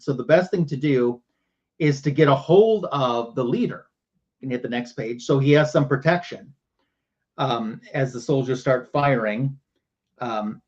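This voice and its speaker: A man's voice: mid-range voice, darkish tone. Man casually recapping comics, muffled audio. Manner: casual storytelling with many fillers. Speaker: show host. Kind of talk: livestream comic book recap.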